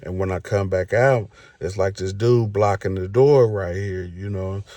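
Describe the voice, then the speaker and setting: A man's voice: low voice, unhurried, warm tone, no echo. A man telling a story in a casual storytime vlog, loose and rambling, with many fillers. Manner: loose, rambling, filler "you know what I'm saying".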